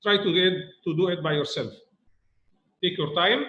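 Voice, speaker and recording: A man's voice: sits high, moderate pace, echoey room, highs cut off. A male English teacher giving a recorded grammar lesson, repeating key points and asking students rhetorical questions.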